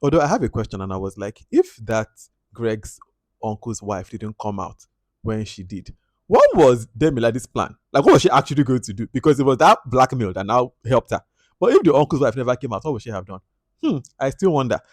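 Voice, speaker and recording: A man's voice: mid-range voice, brisk, dry recording, studio quality. A man with a Nigerian English accent giving a casual film review, animatedly acting out lines and dropping into pidgin. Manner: animated, acts out lines and quotes with mixed-in pidgin. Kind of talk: casual movie review to camera.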